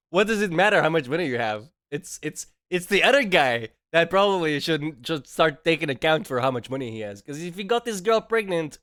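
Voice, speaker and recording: A man's voice: fairly high pitch, very animated, brisk, hardly any pauses, fairly bright tone. A man who is not a native English speaker, streaming casual reaction commentary in a mocking, sarcastic tone, laughing often and dropping slang like bro and man.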